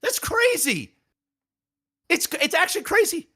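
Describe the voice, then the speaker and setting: Casting: high, bright, animated man, profane podcast ranter. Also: unhurried. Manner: profane, heated, repetitive. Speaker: podcast co-host. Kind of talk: ranting casual chat.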